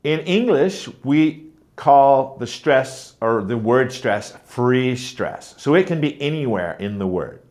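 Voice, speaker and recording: Here the trainer's voice sits mid-range, slightly mellow and slow, with lively intonation. Teaching pronunciation, he lays out stressed versus unstressed syllables plainly, overemphasizing example words and voicing patterns like mm-mm.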